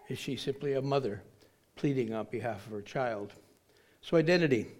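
A man's voice: mid-range voice, a little mellow. A man pastor giving a children's message with puppets, friendly and inviting, asking rhetorical questions.

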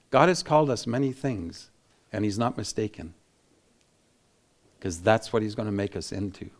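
A man preaching a Bible teaching in an animated way, laughing and acting out quotes, with frequent restarts. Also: fairly low pitch. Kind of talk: sermon-style Bible teaching.

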